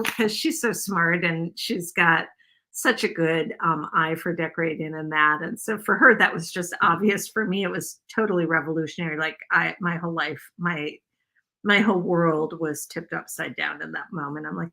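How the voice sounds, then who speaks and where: A woman chats her way through a craft project for her live viewers. Her voice is bright and forward, sitting a little low. She rambles, jokes about herself and calls her audience y'all. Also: normal speed, creaky. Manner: rambling, self-deprecating, addresses viewers as y'all. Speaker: craft video host. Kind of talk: casual chatty craft livestream.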